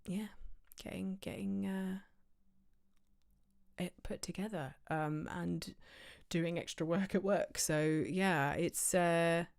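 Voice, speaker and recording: Woman streamer, low voice, chatty and meandering, casual home stream. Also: fairly even intonation, slow pace, gravelly. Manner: rambling, chatty, full of fillers and tangents. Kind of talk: casual livestream chat. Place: home office.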